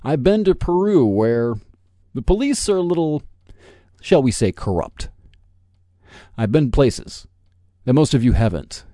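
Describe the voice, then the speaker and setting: A man's voice: mid-range voice, very animated, a little slow, pauses often, mellow, no room sound, clean studio sound. A man in his forties hosting a solo podcast, ranting in a sarcastic, combative and profane way. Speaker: podcast host.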